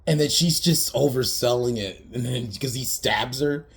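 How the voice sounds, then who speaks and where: A young podcast host recaps a film in a casual, rambling, profane way, laughing often and slipping into quoted voices. His voice sits at medium pitch and moves at normal speed.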